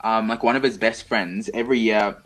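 Husky young man, chatty co-host. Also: fairly low pitch, fairly even intonation, a little fast, a bit bright, faint music behind, low-quality recording. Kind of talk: casual chat.

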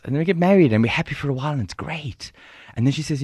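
A South African man in his forties telling a personal story as a podcast guest, animated, acting out dialogue and laughing often. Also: mid-range voice, rapid-fire, hardly any pauses, breathy edge, no echo, clean studio sound. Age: 40s. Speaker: guest speaker. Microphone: studio microphone.

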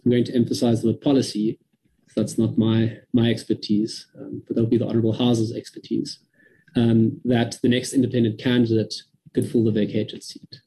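A man from South Africa giving a measured, careful briefing to a parliamentary committee over a video call. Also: mid-range voice, monotone, warm tone, breathy edge, low-quality recording. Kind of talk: formal briefing.

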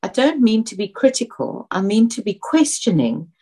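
A woman's voice: medium pitch, big pitch swings, normal speed, warm tone, breathy edge. A woman hosting an interview, asking thoughtful, probing questions in a tentative, self-aware way. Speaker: interview host. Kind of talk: conversational interview.

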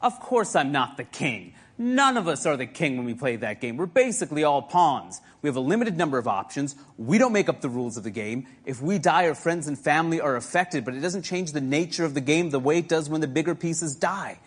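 A man doing a deadpan stand-up comedy set, recorded live in a club. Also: fairly high pitch, a little fast, hardly any pauses, slightly rough. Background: audience laughter.

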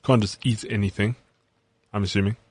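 A man's voice: on the low side, fairly even intonation, a little fast, husky, no room sound. A man co-hosting a casual sports podcast, easygoing and asking questions. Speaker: podcast co-host.

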